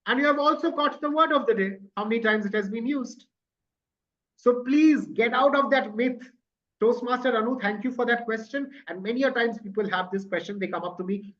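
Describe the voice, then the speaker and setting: A man's voice: very high-pitched, a little fast, fairly bright tone, lo-fi sound. A man leading a speaking-club workshop, patiently explaining with repeated examples. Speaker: workshop presenter. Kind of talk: interactive workshop talk on a video call.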